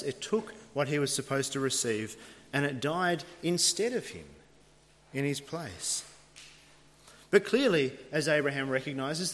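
A man's voice: fairly high pitch, fairly bright tone. A man preaching a sermon, retelling a scripture story in a dramatic storytelling manner. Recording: long reverb of a large hall.

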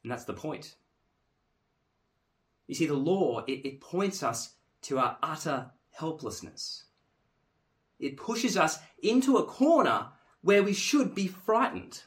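A man delivers a sermon in a fairly high voice that rises and falls a great deal. He is earnest and emphatic, dropping low and quiet before pressing key words hard. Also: big pitch swings, slow, long pauses. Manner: earnest, emphatic, swings from hushed to forceful. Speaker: preacher.

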